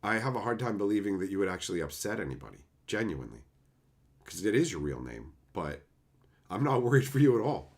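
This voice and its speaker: A man chatting casually on a livestream and answering chat, animated and swearing freely in loose run-on asides. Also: on the low side, fast talker. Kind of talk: casual live-stream chat.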